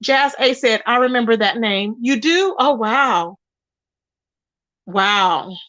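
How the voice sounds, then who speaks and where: A woman's voice: a little high, expressive, takes it slowly, fairly bright tone, no room sound, muffled recording. A woman hosting a casual livestream, reading chat comments and gossiping straight to her viewers. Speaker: channel host.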